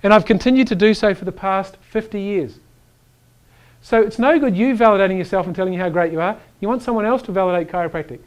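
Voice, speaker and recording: A man giving an energetic chiropractic lecture, emphatic and animated, often checking in with "right?". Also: high voice, quick pace. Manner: reads quotes aloud to the audience.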